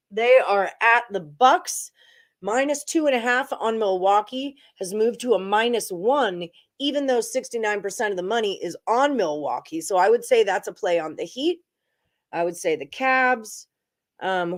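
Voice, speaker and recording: A woman with a medium-pitched voice, speaking at a moderate pace, hosts a laid-back sports betting livestream. She runs through odds and percentages and chats with her viewers about her picks.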